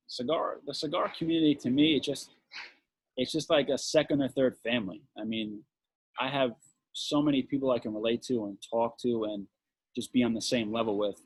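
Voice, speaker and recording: A man co-hosting a casual podcast chat, talking in a relaxed, rambling way and repeating words as he starts a thought. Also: mid-range voice, breathy edge, dry recording. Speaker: podcast co-host.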